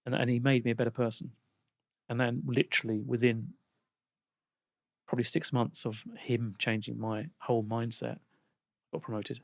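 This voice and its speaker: A man speaking as a podcast guest, reflective and a bit hesitant, with frequent pauses and fillers. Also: medium pitch, flat delivery, vocal fry, no room sound, studio quality. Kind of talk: casual interview conversation.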